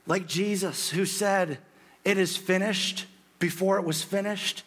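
A man in his thirties with a hoarse voice, preaching a sermon as a pastor and lifting his voice when he quotes scripture. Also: steady tone, measured pace, fairly bright tone. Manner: rises in pitch and volume when quoting scripture.

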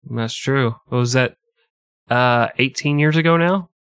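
Profane joking podcast host. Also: male voice, mid-range voice, measured pace, fairly bright tone, clean tone, no room sound, clean studio sound. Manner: irreverent, profane, laughs often. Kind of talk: comedic history narration.

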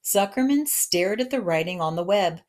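A woman narrating a children's novel aloud in a gentle, expressive storytelling manner. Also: medium pitch, moderate pace.

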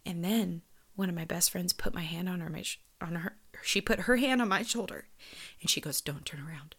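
A woman shares a personal story in casual conversation. She speaks frankly, swears often, and hushes to a whisper for the lines she quotes. Her voice sits a little low. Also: a little fast. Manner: candid and profane, dropping into whispers for quoted lines.

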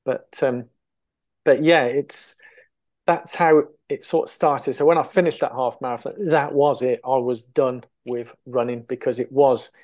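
An older English man in his sixties speaks as an interview guest, a voice pitched right in the ordinary middle range. He rambles warmly through his story, full of restarts and quick laughs. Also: steady tone. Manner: chatty storyteller, laughs often, many fillers and restarts. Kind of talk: casual interview chat.

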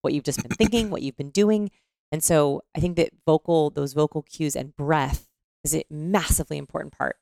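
A woman explaining things conversationally on a podcast, animated and often demonstrating voices mid-sentence. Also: sits low, moderate pace, vocal fry, no room sound, studio quality.

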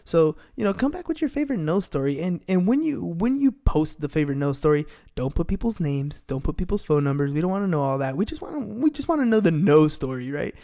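A man's voice: a little high, sing-song, fast talker, vocal fry, hardly any pauses, mellow. A man in his thirties hosting a business podcast, talking energetically and motivationally, often tagging lines with "right?". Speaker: podcast host and sales coach. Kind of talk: casual podcast chat.

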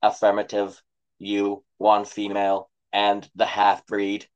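A man voicing a friendly hipster robot who talks in a slow, flat, mechanical way. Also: lowish voice, smooth, lo-fi sound. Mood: deadpan.

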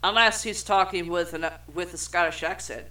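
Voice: medium pitch, moderate pace, bright, forceful tone. A young adult podcast co-host reading film trivia aloud in casual chat, swearing freely and stumbling over words.

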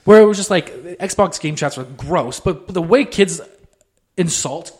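A man's voice: high voice, animated, a little slow, a little mellow, slightly rough. A man co-hosting a podcast in casual chat, explaining his points earnestly at length and swearing casually. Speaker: podcast co-host.

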